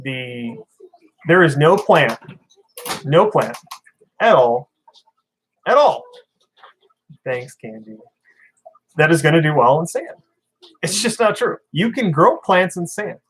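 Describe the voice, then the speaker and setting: A man's voice: a little high, big pitch swings, slow pace, pauses often, slightly rough, rough recording. A man hosting a casual fishkeeping livestream, reading viewer comments and talking in a blunt, opinionated, rambling way. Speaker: fishkeeping channel host.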